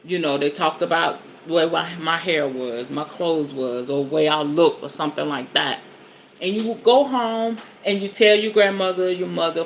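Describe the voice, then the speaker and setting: A woman's voice: low-pitched, highs cut off, a little hiss or hum. A woman in her forties hosting a podcast, reading from a self-help book and breaking off to preach about it in a colloquial, emphatic way. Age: 40s. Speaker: podcast host and spiritual advisor.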